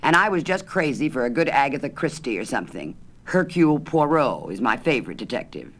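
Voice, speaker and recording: A man's voice: mid-range voice, big pitch swings, fairly quick, a bit bright. A man reading a story aloud and voicing a chatty, opinionated American woman who loves mystery novels, insistent and eager. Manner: insistent, eager, know-it-all.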